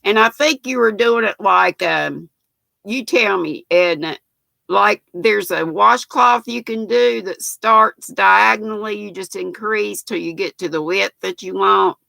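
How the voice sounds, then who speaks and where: A woman's voice: mid-range voice, a little slow, creaky, bright, forceful tone, no room sound. A woman in her sixties with a Southern American accent, hosting a casual livestream and chatting folksily as she reads viewer comments aloud. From North Carolina, US. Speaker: livestream host.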